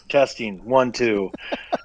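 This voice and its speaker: Male guest, mid-pitched voice, wry and joking. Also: sharp tone. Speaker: guest panelist. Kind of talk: casual panel chat.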